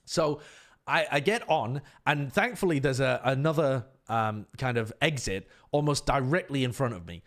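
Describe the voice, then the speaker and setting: A man's voice: medium pitch, moderate pace. A man, a streamer, telling an exasperated casual story and voicing the people in it. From United Kingdom. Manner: animated, exasperated anecdote with voiced quotes.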